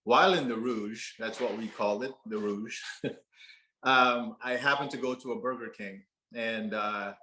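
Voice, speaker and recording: On stage in an echoing auditorium, a man from Canada shares a personal story. His medium-pitched voice is unhurried, bright, and forceful, and his earnest, conversational delivery breaks into occasional laughter.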